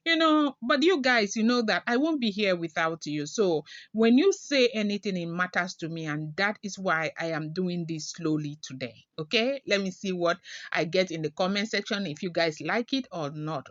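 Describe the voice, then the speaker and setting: A woman's voice: on the low side, expressive, moderate pace, no room sound. Woman vlogger, chatty gossip host, dry muffled lo-fi mic. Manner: chatty, keeps adding "okay?" and "you know". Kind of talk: casual gossip monologue.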